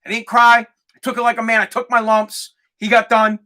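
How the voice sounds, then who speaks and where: A podcast host tells a story in a casual, rambling way, swearing freely. His voice sits high for a man. It has a bright, forceful edge. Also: moderate pace. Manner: profane, animated, rambling.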